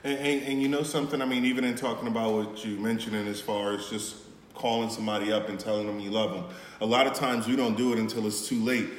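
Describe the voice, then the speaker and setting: A man's voice: fairly low pitch, steady tone, fast. A man co-hosting a podcast, talking casually in an earnest, reflective way. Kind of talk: casual chat. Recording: echoey room with long reverb and faint noise.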